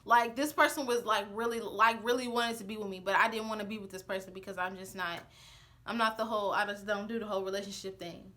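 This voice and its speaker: A young woman telling a personal story to her camera in a casual storytime chat, sassy and animated, acting out what others said. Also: medium pitch, quick pace. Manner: sassy, animated, acts out the quoted lines.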